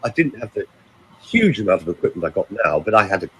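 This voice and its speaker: A man who works as a vocal coach, telling a story in casual chat, with a lively, animated way of talking. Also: sits low, fast talker, low-quality recording.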